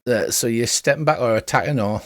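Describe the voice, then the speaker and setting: A man narrates a tabletop game as game master, chatty and easygoing. His voice sits at a middling pitch. The room is dry and close, with no echo. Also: fairly quick. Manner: relaxed, chatty, stops and restarts as he rules.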